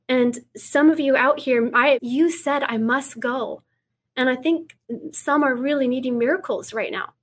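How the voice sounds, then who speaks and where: A woman guest speaking earnestly in an interview, reading scripture aloud and dropping to a hush for quoted words. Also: sits high. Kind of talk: preaching in an interview.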